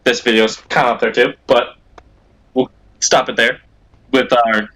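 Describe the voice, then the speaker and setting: A young man tells a story to his friend in a relaxed, rambling way, padding it with fillers. His voice sits at an ordinary middle pitch. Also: a little slow, low-quality recording. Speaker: co-host. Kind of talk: casual storytelling chat.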